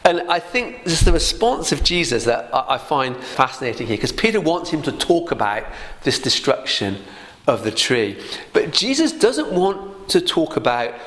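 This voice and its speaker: A man's voice: mid-range voice, very animated, normal speed, fairly bright tone. A man giving a casual Bible teaching in a conversational way, often laughing lightly and asking rhetorical questions.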